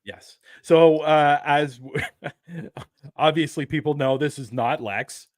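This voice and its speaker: A man's voice: fairly high pitch, slow pace, no echo. Chatty male podcast host, dry sound. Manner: laughing, loose and chatty, with restarts. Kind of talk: casual chat.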